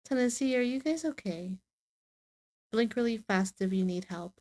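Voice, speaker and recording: A woman's voice: fairly high pitch, expressive, normal speed, darkish tone. A woman casually reacting to a video, chatty and giggly, with playfully exaggerated remarks.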